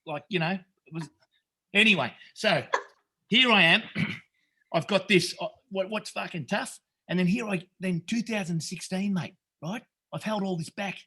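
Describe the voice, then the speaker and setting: A man's voice: sits high, bright, forceful tone, husky. A middle-aged Australian man telling his story as a podcast guest, earnest and rambling, swearing often and calling people mate. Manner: rambling with many restarts. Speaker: podcast guest, retreat founder. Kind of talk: emotional storytelling.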